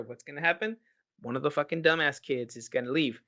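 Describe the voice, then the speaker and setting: A man's voice: on the high side, quick pace. Swearing storytelling man on lo-fi podcast. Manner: swears a lot, animated storytelling. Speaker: podcast host. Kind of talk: casual chat. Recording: dull lo-fi podcast audio.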